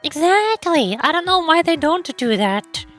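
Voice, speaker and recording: Young female streamer, high voice, chatty and sarcastic. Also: big pitch swings, measured pace, fairly bright tone, soft background music. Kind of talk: casual gaming stream chat.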